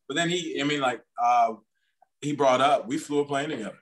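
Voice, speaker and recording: A man's voice: medium pitch, brisk, over a noisy crowd, low-quality recording. A young man, a pro football player guest, chatting casually in an interview and rambling through many restarts and fillers. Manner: self-aware talker.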